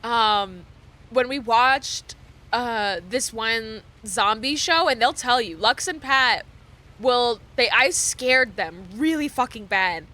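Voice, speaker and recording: Bright-voiced woman streamer, laughing often. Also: on the high side, slow. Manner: animated, laughing often, swearing freely. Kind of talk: casual chat with viewers.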